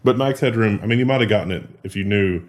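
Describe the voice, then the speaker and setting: A man's voice: on the low side, fast talker. A man co-hosting a tech news show in casual chat, joking and laughing often.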